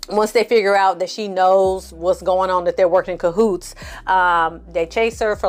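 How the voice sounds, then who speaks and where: Woman, movie review host, casual recap, blunt and profane, exasperated, mid pitch, faint music behind. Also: fairly even intonation, moderate pace. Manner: blunt, profane, exasperated storytelling with acted-out quotes.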